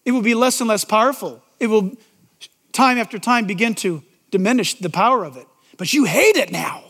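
A man's voice: high-pitched, lively intonation, a little fast, fairly bright tone. A man pastor delivering an emphatic sermon to a congregation, asking rhetorical questions.

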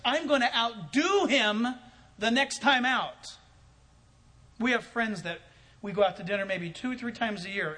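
A man's voice: high voice, bright, forceful tone. A man telling a story in a sermon as a pastor, acting out both sides of a conversation and chuckling often.

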